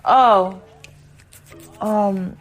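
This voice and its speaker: A woman's voice: medium pitch, fairly even intonation, extremely slow, lo-fi sound, soft background music. Rambling, blunt woman podcaster at home. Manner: rambling, blunt, easily sidetracked. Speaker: podcast host and mother. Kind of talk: casual chat to viewers.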